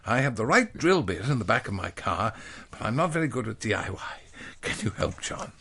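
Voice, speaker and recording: A man's voice: fairly low pitch, very animated, brisk, gravelly, sharp tone, breathy edge, heavily acted. A man reading a storybook, voicing a flustered English village woman who speaks fussily and apologetically. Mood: fussy.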